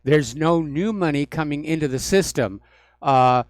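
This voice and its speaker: A man hosting a talk radio show, speaking in a measured, calming way. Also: on the high side, dry recording. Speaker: radio host.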